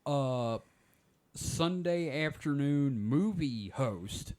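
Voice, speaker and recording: A man's voice: a little high, animated, very slow, dark tone. A man in his forties hosting a podcast, telling rambling stories in casual chat. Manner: rambling storyteller, many "like" fillers. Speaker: podcast host.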